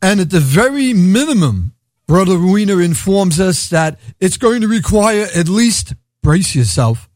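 A man's voice: high-pitched, sing-song, a little slow, a little mellow, no room sound, clean studio sound. A man with a Brooklyn accent hosting a radio show, rambling sardonically and laughing at his own jokes. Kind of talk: irreverent comedic radio monologue.

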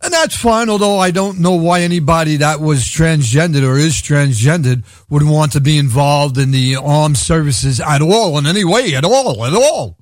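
A man's voice: a little high, normal speed, few pauses, no echo, clean studio sound. A man with a Brooklyn accent hosting a radio show, rambling sardonically and laughing at his own jokes. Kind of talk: irreverent comedic radio monologue.

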